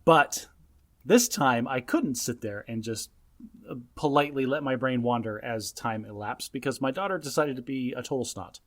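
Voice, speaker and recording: A man's voice: medium pitch, moderate pace, fairly bright tone. A man in his thirties co-hosting a casual podcast, telling a parenting story in an emphatic, lecturing way. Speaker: podcast co-host.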